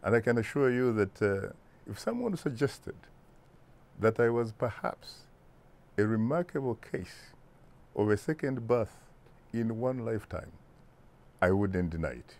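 A Ugandan-accented man in his sixties, answering interview questions in a deliberate, emphatic way with rhetorical asides. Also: on the low side, lively intonation, a little mellow. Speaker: interview guest, broadcast journalist.

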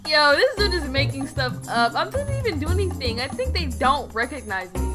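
A woman's voice: high voice, big pitch swings, moderate pace, few pauses, music in the background. Chatty, exasperated young woman. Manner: chatty and exasperated, with slangy asides. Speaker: game role-play creator. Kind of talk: casual game role-play narration.

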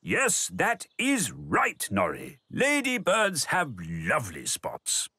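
A British man narrating a preschool cartoon in a gentle storybook manner. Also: fairly high pitch, wildly swooping pitch, slow pace, slightly rough, no room sound. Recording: dry studio voice-over with music.

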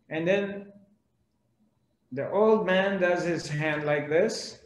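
Casting: male spiritual teacher, slightly high voice, slow storytelling, echoey room. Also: a little hiss or hum. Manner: animated storytelling, acting out the characters. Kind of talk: storytelling discourse.

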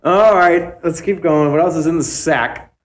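A man's voice: fairly high pitch, moderate pace, reverberant. A man live streaming, talking in a wry, joking way. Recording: stream audio with noise and clicks.

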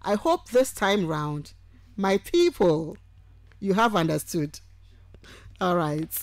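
A woman lecturer, teaching on radio and taking calls, who speaks warmly and affectionately and repeats points patiently. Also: lowish voice, big pitch swings, slow, dry recording. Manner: affectionate, calls listeners sweetheart and my dear. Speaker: university lecturer. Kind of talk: radio lecture with call-ins.

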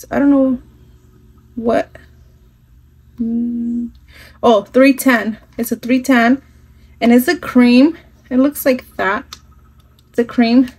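A woman talks through her makeup steps in a loose, chatty way. She drops in phrases and the odd curse word. Her voice sits a little high and was recorded on a phone indoors at home. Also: darkish tone, husky, low-quality recording. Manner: chatty, switching into Spanish phrases, some swearing. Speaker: makeup vlogger. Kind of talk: casual makeup tutorial chat.

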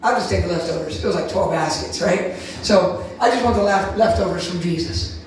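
A man preaching a sermon wrap-up, telling animated stories with sudden shouts. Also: high voice, a little fast, a little hiss or hum. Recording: echoey room from far off.

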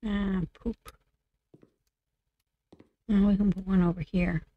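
A woman's voice: medium pitch, level tone, slow, dry recording, phone-quality sound. A woman with a slightly off, coughing voice, casually talking through her game and muttering to herself as she works. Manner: muttering to herself while working. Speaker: video game creator. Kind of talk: casual gameplay commentary.

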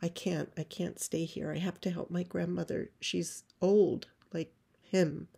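A woman's voice: lowish voice, steady tone, measured pace, vocal fry, dark tone, husky, exaggerated voice. A woman voicing a frightened, wounded young girl who pleads to go home. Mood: refusing. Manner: pleading, insistent refusals.

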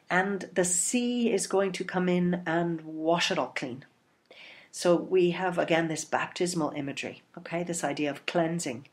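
A woman giving a recorded literature lecture, explaining poetic imagery and meter with frequent okays and you-knows, and reading quoted verse aloud with expression. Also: low-pitched. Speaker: literature educator.

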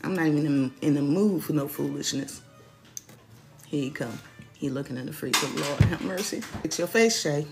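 A woman vlogging at home as a mother, talking to her viewers and herself in an animated way and sometimes dropping to a whisper. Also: deep voice, normal speed, music in the background. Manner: animated, talks to herself and the camera, drops to whispers. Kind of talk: casual vlog talk to viewers.

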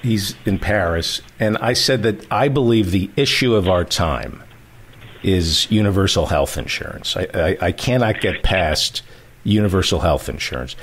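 A man's voice: sits low, animated, normal speed, fairly bright tone, slightly rough. A man hosting a casual interview, asking teasing, provocative questions. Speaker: podcast host.

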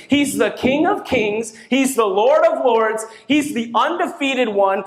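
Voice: medium pitch, expressive, a little slow, few pauses, echoey room. A pastor delivering a sermon to a congregation, with emphatic rising bursts. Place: church hall.

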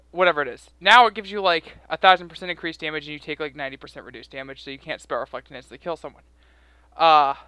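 A man's voice: fairly high pitch, bright, forceful tone, clear, resonant tone, no room sound. Breathless young man rambling about gaming. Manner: rambling, self-correcting, casual swearing. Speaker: game video creator. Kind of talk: casual gaming commentary.

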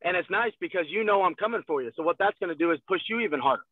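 A man's voice: sits high, animated, racing, no room sound. A man on a sales call giving direct coaching advice and repeating his instructions. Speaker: guest sales leader. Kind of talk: motivational sales talk on a call. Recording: tinny, dry phone-like call audio.

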